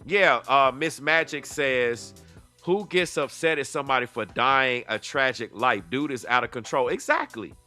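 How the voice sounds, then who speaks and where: A man's voice: medium pitch, moderate pace, pushed and bright, faint music behind. A man giving heated reaction commentary, confrontational and full of rhetorical questions. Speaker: YouTube commentator.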